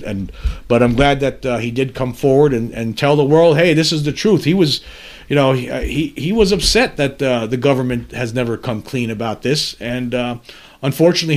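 A male podcast host who reads news stories aloud and then breaks off to comment on them. His commentary is earnest and somber, and his voice sits at an ordinary middle pitch. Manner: earnest, somber commentary between read passages. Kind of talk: reading news articles aloud with personal commentary.

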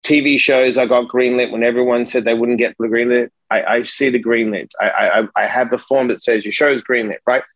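A man's voice: medium pitch, brisk, few pauses, dry recording, rough recording. Middle-aged man, casual podcast guest, emphatic and swearing, dry close sound. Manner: emphatic, profane, animated storytelling.

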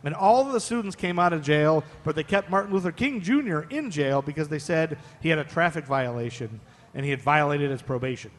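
History stories come in a chatty, playful stream from an Ohio man co-hosting a live podcast on stage. His voice is a little high, with lively intonation and a fairly quick pace, all wrapped in the long reverb of the venue.

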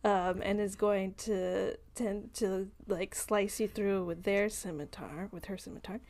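A woman's voice: medium pitch, fairly even intonation, a little slow, a little mellow. A woman narrating a tabletop game as game master, rambling with many fillers and laughing often.

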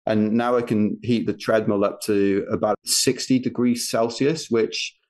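A British man talks as a podcast guest in a relaxed, chatty way. He laughs easily and pokes fun at himself as he tells his stories. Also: lowish voice, unhurried. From England. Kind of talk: casual podcast interview. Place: home garage gym.

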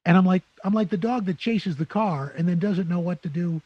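An older man from New City, a guest telling lively anecdotes in an interview. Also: sits high, a little fast, no echo, highs cut off. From New York City. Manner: animated anecdotes with playful character voices. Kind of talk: storytelling interview.

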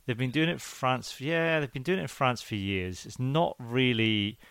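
A man's voice: mid-range voice, moderate pace, smooth, no room sound. Man hosting a chatty podcast. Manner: animated, rambling, jokey. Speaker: podcast host. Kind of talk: casual chat.

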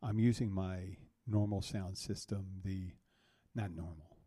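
Rambling bartender podcast host, low mellow voice. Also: male voice, fairly even intonation, measured pace. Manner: rambling, self-correcting storyteller. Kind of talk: rambling solo monologue. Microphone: soundboard mic.

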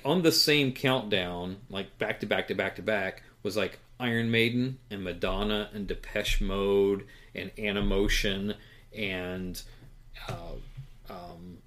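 A man's voice: fairly low pitch, a bit bright. A man co-hosting a podcast in casual chat, rambling with many fillers and chuckles. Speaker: podcast co-host.

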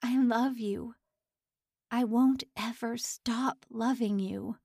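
A woman voicing a brave young woman prisoner who speaks softly but firmly. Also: on the high side, steady tone, slow, creaky, husky, no echo, clean studio sound, full character voice. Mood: tender. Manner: soft, firm.

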